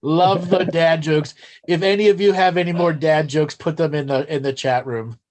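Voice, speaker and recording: Deadpan man telling dad jokes. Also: fairly high pitch, moderate pace. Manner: deadpan dad-joke teller. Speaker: co-host. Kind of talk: casual chat on a video call. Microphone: video call.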